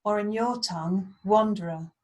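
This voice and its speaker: A woman voicing a calm one-eyed wanderer. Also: medium pitch, moderate pace, natural voice. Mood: mysterious. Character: mysterious one-eyed male wanderer, storyteller.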